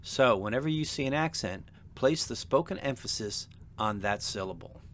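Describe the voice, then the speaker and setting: A man teaching a seminary language lesson in a measured, deliberate, scripted narration. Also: mid-range voice, expressive, a bit bright, slight background noise. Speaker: seminary instructor.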